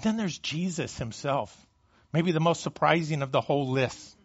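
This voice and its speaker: A man's voice: fairly high pitch, normal speed, breathy edge, highs cut off. A man preaching a sermon as a pastor. He stumbles and repeats words as he starts phrases, and his voice rises when he reads scripture aloud.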